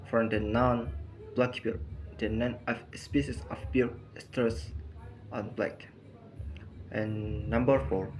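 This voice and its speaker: A man reads a lesson aloud at a very slow, halting pace, breaking his sentences into short phrases. His pitch sits in a middle range. A faint hiss of noise runs under the recording. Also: darkish tone, low-quality recording. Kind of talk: reading a lesson on compound words.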